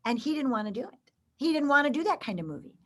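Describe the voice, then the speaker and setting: A woman guest telling faith stories in an expressive way, acting out the voices of the people she quotes. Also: high voice, fast. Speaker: guest storyteller. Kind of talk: animated faith storytelling.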